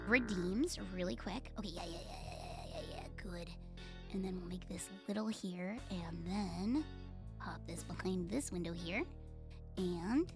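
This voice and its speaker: A woman with a Puerto Rican accent chatting casually on a live stream, playful, profane and teasing herself and her viewers. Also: mid-range voice.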